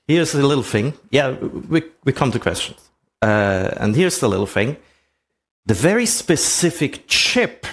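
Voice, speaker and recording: Man with a lively, swooping voice. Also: medium pitch, creaky. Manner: rhetorical questions, conversational. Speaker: presenter. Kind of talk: explanatory talk with slides.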